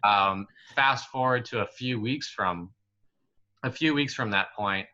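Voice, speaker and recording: A man in his twenties telling a story as a guest on a casual podcast, chatty and relaxed, full of fillers like "like" and "you know". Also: fairly low pitch, a little slow. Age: 20s. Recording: slightly muffled lo-fi recording.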